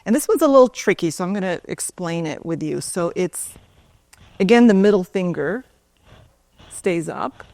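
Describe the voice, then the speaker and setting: A woman with a yoga and Pilates teaching background gives a conversational storytelling talk at a conference, often asking "right?" Her voice is lowish, gravelly, and darkish, animated at a moderate pace, in a dry recording.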